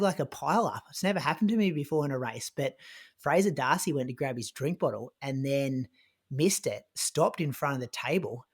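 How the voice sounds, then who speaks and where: A man on a podcast, casually retelling a race in a chatty way, full of "like" and quick restarts. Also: medium pitch. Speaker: podcast co-host recounting his race. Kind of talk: casual conversational storytelling.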